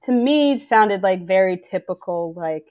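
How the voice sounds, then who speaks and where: A woman's voice: mid-range voice, lively intonation, measured pace, crowd noise. A woman in casual chat, speaking in loose, rambling phrases with constant fillers.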